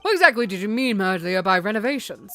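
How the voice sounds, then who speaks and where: A woman voicing a composed, formal male prosecutor who speaks in a polite, measured way. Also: medium pitch, big pitch swings, a bit bright, soft background music.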